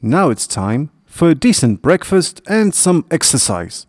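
A man voicing a calm, sporty, self-assured male rabbit who speaks in a breezy, matter-of-fact way. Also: fairly high pitch, unhurried, no room sound, studio quality, pitched above the performer's own voice.

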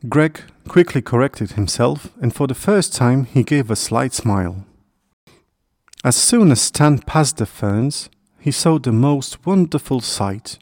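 A man reading a children's storybook aloud as narrator, in a calm, even storytelling manner. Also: medium pitch, dry recording, studio quality.

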